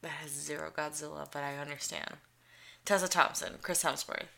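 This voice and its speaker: Bright-voiced sarcastic woman podcaster. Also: low voice, fairly even intonation, moderate pace, creaky. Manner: sarcastic, swears, acts out quotes. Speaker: podcast co-host. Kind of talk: casual chat recapping a show.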